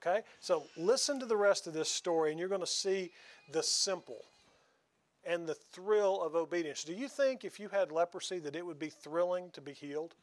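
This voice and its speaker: A man preaches in a relaxed drawl, folksy and chatty. His voice sits slightly higher than most men's, and he keeps asking his listeners questions as he goes. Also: moderate pace. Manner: folksy, conversational, asks the congregation questions. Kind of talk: sermon.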